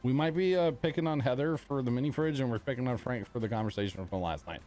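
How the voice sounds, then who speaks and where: A man hosting a casual gaming livestream, chatty and quick to laugh, greeting viewers by name as he plays. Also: medium pitch, darkish tone, soft background music. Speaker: streamer host. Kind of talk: casual chat while gaming.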